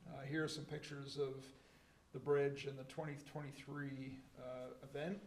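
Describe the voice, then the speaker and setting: A man gives a presentation at a public meeting in a slow, hesitant way, pausing often on uh and um. His delivery is flat, with little rise and fall in pitch. The room echoes, and a faint hum of ambience sits behind him. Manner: slow, hesitant, many fillers. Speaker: engineer presenting.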